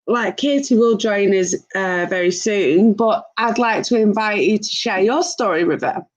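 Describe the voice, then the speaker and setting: Woman hosting a live chat, real slow and a bit high, muffled sound. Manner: slow, hesitant, with fillers. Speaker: live stream host. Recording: muffled lo-fi stream audio.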